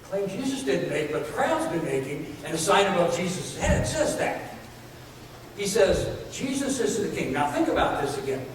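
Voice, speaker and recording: With big swings in his high-pitched voice, a man delivers an earnest sermon at a moderate pace, repeating phrases to build emphasis. He's in a church sanctuary, picked up from a distance in an echoey hall with slight background noise.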